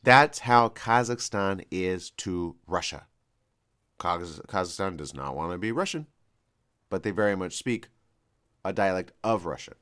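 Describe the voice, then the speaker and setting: A man's voice: low-pitched, lively intonation, a little slow, a bit bright, smooth. A man hosting a live talk show, giving rambling, conversational commentary with an American West Coast accent. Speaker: host.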